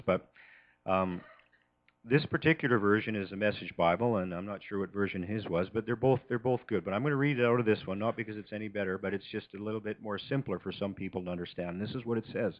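A man giving an earnest, halting address to a church congregation before communion. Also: lowish voice, highs cut off. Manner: earnest, halting, many restarts. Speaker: church leader leading communion.

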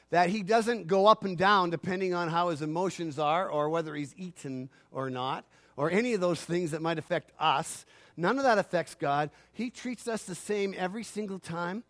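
A man pastor preaching a sermon, swinging from loud swells to quiet asides and acting out imagined voices. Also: high-pitched. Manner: acts out imagined phone calls in a grumbling aside voice.

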